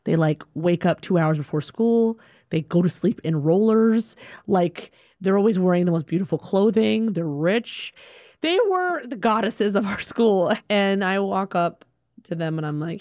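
A woman from Alabama telling a personal story in a lively way, acting out the dialogue. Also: mid-range voice, measured pace, no room sound, clean studio sound, soft background music. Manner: animated, acts out dialogue.

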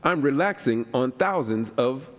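A man on a radio quiz show reading comic limericks aloud in a deliberate, rhythmic way. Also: medium pitch, lively intonation, background noise. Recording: long theater reverb.

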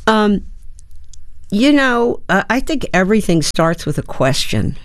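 Woman in her 70s telling a story slowly, thinking out loud, dry studio sound. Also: mid-range voice, big pitch swings, no room sound. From United States. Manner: reflective, storytelling, with fillers and restarts. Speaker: guest, actor and playwright. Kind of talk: thoughtful interview answers.

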